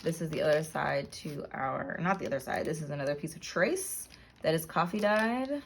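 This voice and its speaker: A woman casually narrating a flip-through of her handmade journal, relaxed, with frequent ums and self-corrections. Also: low-pitched, moderate pace, slight background noise.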